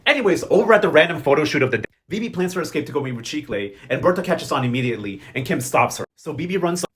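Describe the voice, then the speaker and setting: Fast-talking sassy man recapping. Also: fairly high pitch, lively intonation. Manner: sassy, slangy, mocking quoted characters. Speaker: host. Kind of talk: casual recap commentary.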